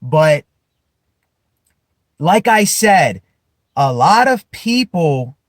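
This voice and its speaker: A man giving an impassioned self-help monologue to camera, emphatic and repetitive, building at times to loud declarations. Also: fairly high pitch, big pitch swings, no room sound, clean studio sound. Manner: slow, emphatic, repeats phrases, rises to shouting declarations. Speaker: vlogger.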